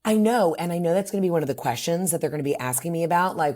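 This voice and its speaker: A woman comedian, a guest on a podcast, telling stories in a brash, crude, animated way. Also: fairly low pitch, racing. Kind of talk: casual interview chat.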